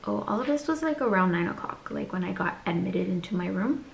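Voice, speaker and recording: A woman's voice: medium pitch, animated, fairly quick, gravelly, reverberant, a little hiss or hum. A woman vlogger telling a personal story in a candid, chatty way and acting out the people she quotes.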